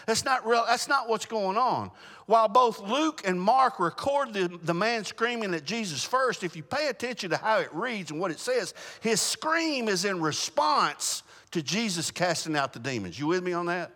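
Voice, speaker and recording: A male Baptist preacher giving an animated sermon to his congregation. He restarts his words often and keeps asking the room whether they follow him. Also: high voice, normal speed, big-room sound.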